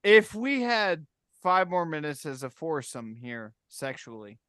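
A young man hosting a casual podcast, loud and swearing, quick to shout over his friends. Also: on the high side, very animated, smooth, no room sound, studio quality. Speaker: podcast host.

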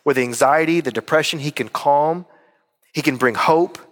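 A man's voice: on the high side, moderate pace, long reverb tail. A man preaching a sermon as pastor, earnest and emphatic, repeating key words for weight. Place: church hall.

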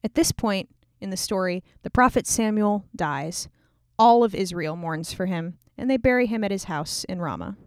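A woman's voice: mid-range voice, normal speed, no room sound, clean studio sound. A woman retelling a scripture story in a casual, irreverent, slangy way.

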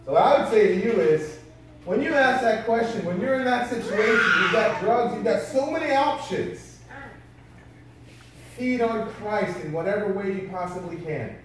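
A man with a high voice preaches in a casual storytelling way, pressing his listeners with rhetorical questions. His voice booms around a big echoing hall. The mic sits well away from him. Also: moderate pace, a little hiss or hum. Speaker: pastor. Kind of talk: sermon. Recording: very echoey hall from far off.

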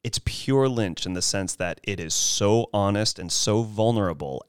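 A man in casual podcast talk about a film, animated and acting out lines from scenes. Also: normal speed, clear, resonant tone, dry recording. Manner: animated, acts out film lines in high voices. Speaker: podcast host.

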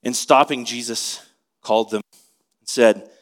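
A man's voice: medium pitch, steady tone, measured pace. A man preaching an expository sermon in a conversational way, asking his listeners questions as he teaches. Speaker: pastor.

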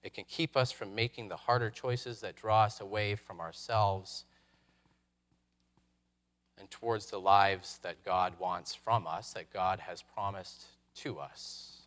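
A man preaching a sermon, reflective, posing rhetorical questions with dramatic pauses. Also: fairly low pitch, fairly bright tone. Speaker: pastor.

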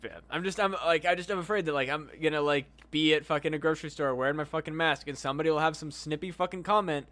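This man co-hosts a comedy podcast in a bright, sharp voice that sits slightly high. He rambles and restarts his thoughts, and he swears throughout his casual banter. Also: quick pace, hardly any pauses. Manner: profane, rambling, restarts a lot. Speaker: podcast co-host.

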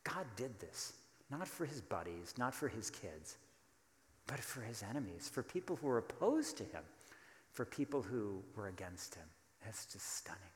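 A man's voice: on the low side, big pitch swings, moderate pace. Emphatic preacher man in an echoey hall. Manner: emphatic, rhetorical questions, asks the congregation to answer. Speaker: pastor. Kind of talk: sermon.

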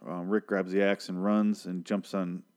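A young man with a lowish voice rants through a TV recap. He swears freely, rambles, and drips sarcasm as he goes. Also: little pitch movement, moderate pace, a little mellow. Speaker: TV show reviewer. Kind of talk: casual recap rant.

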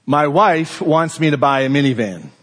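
A man voicing a brisk older German grandfather who loves fast driving, in a clipped, matter-of-fact way. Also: fairly high pitch, lively intonation, fairly bright tone, long reverb tail.

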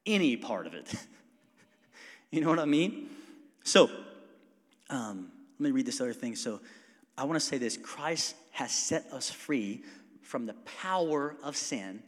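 Preaching pastor in a reverberant sanctuary. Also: male voice, medium pitch, sing-song, unhurried, pauses often. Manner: swings between quiet intimate passages and loud emphatic preaching; calls for congregation responses. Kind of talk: sermon. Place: church sanctuary. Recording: long hall reverb.

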